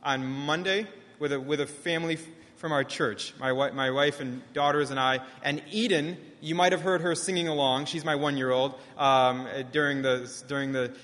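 A young man, a pastor, preaching a sermon in a church, halting often with restarts and fillers. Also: fairly high pitch, steady tone, a bit bright, in a large hall. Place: church sanctuary.

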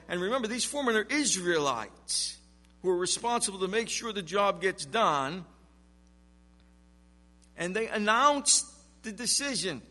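Pastor, male, high bright tenor, slow deliberate emphatic sermon delivery, long hall reverb. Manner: emphatic preaching with rhetorical questions. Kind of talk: expository sermon.

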